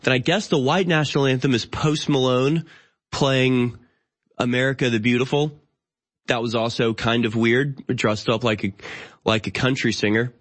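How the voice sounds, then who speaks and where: A man in his thirties rants through an opinionated talk-show monologue in an exasperated, incredulous tone. His voice sits at an ordinary middle pitch. He stumbles and restarts often as he piles on sardonic asides. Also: steady tone. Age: 30s. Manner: halting, with frequent restarts and fillers. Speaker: show host.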